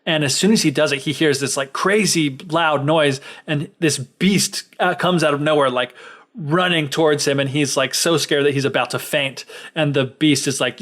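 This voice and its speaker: A young man casually retells a fairy tale on his podcast, chatty and full of fillers. His voice sits a touch higher than most men's. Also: fairly even intonation, moderate pace, a bit bright. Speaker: podcast co-host. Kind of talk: casual storytelling.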